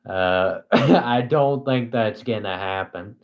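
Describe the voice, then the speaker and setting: Monotone, slow-talking young man streaming. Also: lowish voice, highs cut off. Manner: monotone and dry, self-mocking. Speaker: live streamer. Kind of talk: casual live stream chat.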